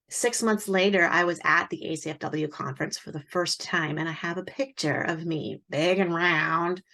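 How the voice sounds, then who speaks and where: A woman in her forties, an author, telling a personal story in a lively way and acting out the dialogue. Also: fairly low pitch. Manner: animated, acts out quoted dialogue.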